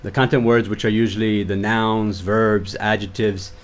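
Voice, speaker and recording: A man introducing an English lesson on sentence stress, reading from a script in a clear, measured way. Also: on the low side, little pitch movement. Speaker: English teacher.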